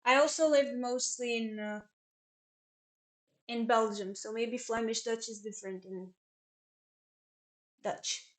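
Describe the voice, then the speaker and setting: A woman's voice: on the high side, fairly even intonation, slow, pauses often. A young woman chatting casually on a live stream as a chess commentator, rambling and answering questions from chat.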